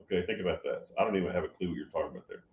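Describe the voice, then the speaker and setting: A man in his seventies hosting a casual livestream, reading viewer comments and answering them, getting loud and excited with many restarts. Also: deep voice, racing, echoey room, dull audio, a little hiss or hum. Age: 70s. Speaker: livestream host answering chat.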